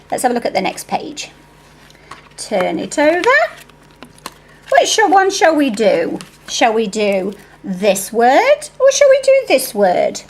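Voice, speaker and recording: Female reading teacher, high and very lively pitch, unhurried sing-song phonics coaching. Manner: slow, sing-song sounding out of speech sounds; coaxing, talks to a puppet helper. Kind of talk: phonics lesson for young children.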